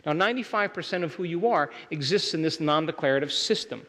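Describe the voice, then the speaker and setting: Speaking quickly and with animation, a workshop speaker gives an emphatic motivational lecture, repeatedly checking in with his live audience. His voice is fairly high for a man and fairly bright in tone, ringing with the long reverb of a large hall.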